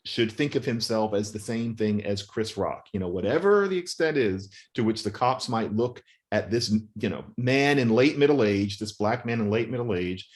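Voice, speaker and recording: A man's voice: lowish voice, lively intonation, moderate pace, few pauses. A man, an author being interviewed, arguing in an emphatic, wry way with long spoken sentences. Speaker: author and guest. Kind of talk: interview, animated argument.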